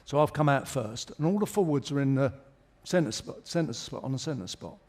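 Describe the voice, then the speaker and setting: A man's voice: medium pitch, animated, moderate pace, a little mellow. A middle-aged man as a guest in a live on-stage interview, telling jokey anecdotes with chuckles. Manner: chatty anecdotal storyteller, jokes and chuckles. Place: theatre stage.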